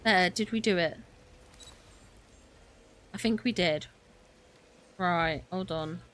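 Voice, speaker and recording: A young woman with a fairly low, slightly bright voice streams a game, talking slowly to herself in a flustered, chatty way full of laughs and exclamations. It's gaming livestream commentary.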